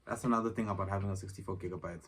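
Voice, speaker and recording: Deep-voiced young man rambling a story. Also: steady tone, racing. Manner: rambling, slangy, retells exchanges in dialogue. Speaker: vlogger. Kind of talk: casual vlog storytelling. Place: room at home. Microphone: phone camera. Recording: distant phone mic, faint noise.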